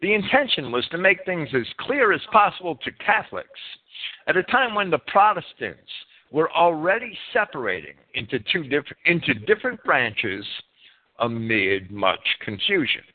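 A man's voice: fairly high pitch, very animated, moderate pace. Man preaching over a tinny line. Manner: reads from a script, stumbles and repeats words. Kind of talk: reading a history presentation with asides. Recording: tinny phone-like sound.

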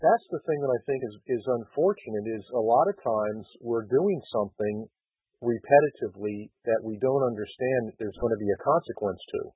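A man's voice: mid-range voice, expressive, brisk, husky, no echo. A man hosting a casual call-in chat, rambling with restarts and fillers. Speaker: host. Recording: tinny phone-line audio.

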